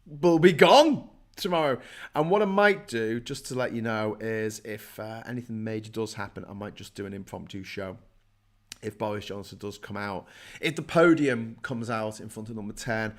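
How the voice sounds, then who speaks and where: A man's voice: on the low side, moderate pace. A middle-aged man hosting a casual livestream from his desk, rambling, swearing and joking as he reads out viewer comments. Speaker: live show host.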